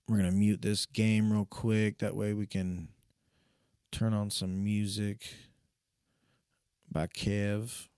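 A man's voice: on the low side, darkish tone, no echo, clean studio sound. A man hosting a podcast in casual chat, talking loosely with lots of swearing and "you know what I mean" fillers. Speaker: podcast host.

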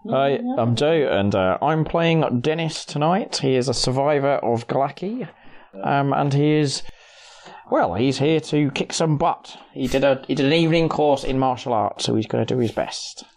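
A man's voice: mid-range voice, moderate pace, a little mellow. A man who is a guest player, chatting and joking casually during a tabletop game. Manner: joking, playful.

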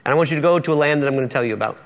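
A man's voice: on the high side, racing. A male pastor preaching a sermon in a church, playful and acting out Bible dialogue in different voices.

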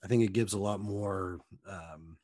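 A man co-hosting a podcast, speaking in a thoughtful, measured way in casual chat. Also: low-pitched, dark tone, no room sound, studio quality. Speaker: podcast co-host.

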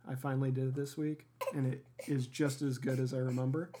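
Guy chatting at home on his podcast, relaxed and jokey, dry humor. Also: medium pitch, brisk, slight background noise. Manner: easygoing, wry joking. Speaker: podcast co-host. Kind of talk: casual chat.

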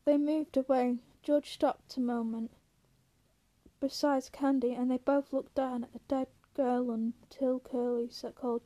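High, mellow woman reading a novel aloud. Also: unhurried. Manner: steady, with slips and self-corrections. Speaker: audiobook reader.

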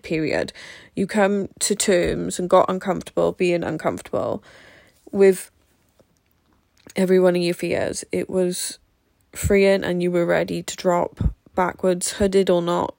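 A woman's voice: lowish voice, gravelly, no echo, studio quality. A woman, earnestly reading aloud a motivational letter to herself in a vlog, swearing now and then. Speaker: vlogger.

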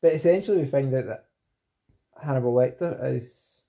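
A man's voice: medium pitch, normal speed, warm tone, muffled recording. A Scottish man co-hosting a podcast, chatting enthusiastically and a bit ramblingly about films. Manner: enthusiastic, rambling film talk. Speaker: podcast co-host. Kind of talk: casual chat.

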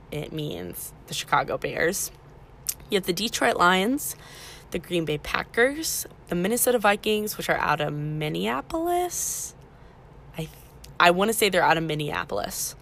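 A woman's voice: on the low side, lively intonation, a little slow, gravelly, a bit bright. A woman hosting a casual podcast, talking beginners through the basics in a chatty way and correcting herself as she goes. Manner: chatty, self-correcting, teaching beginners step by step. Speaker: podcast host.

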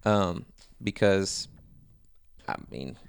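A man's voice: low-pitched, animated, drawn-out words, gravelly, smooth. A man co-hosting a podcast, chatting casually and rambling with many fillers. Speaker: podcast co-host.

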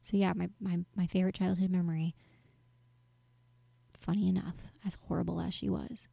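Woman, twenties, gravelly, mellow, candid rambling storytelling, soft whispered asides. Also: on the low side, little pitch movement, moderate pace, no room sound. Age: 20s. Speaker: vlogger answering viewer questions. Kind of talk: casual storytelling monologue.

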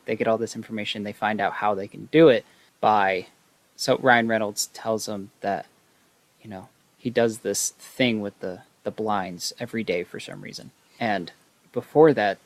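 Low gravelly man recapping a film. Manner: rambling, full of fillers. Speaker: video host. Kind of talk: casual movie recap.

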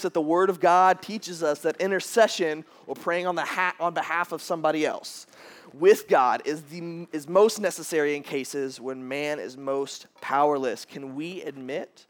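A man in his thirties preaching a casual, animated sermon, jumping to loud high bursts when he acts out quotes. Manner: casual, repeats words as he restarts. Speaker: pastor.

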